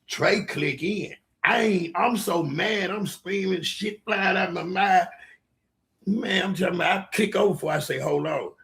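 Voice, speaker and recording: A man telling stories in a loud, excitable podcast chat, acting out other people's lines. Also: sits high, unhurried. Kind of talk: animated storytelling chat.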